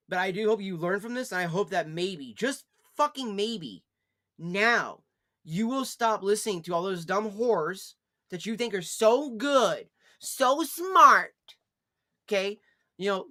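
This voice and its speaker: Man ranting, profane and scolding. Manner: swings from low weary sighs to loud yelling. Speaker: streamer. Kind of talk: casual live-stream chat.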